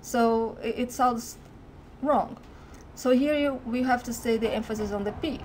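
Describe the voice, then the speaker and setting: Brazilian woman, teacher, slightly high voice, clear careful delivery, faint room hum behind. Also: measured pace, darkish tone. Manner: clear, careful pronunciation drills. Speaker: Portuguese teacher. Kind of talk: language lesson to camera.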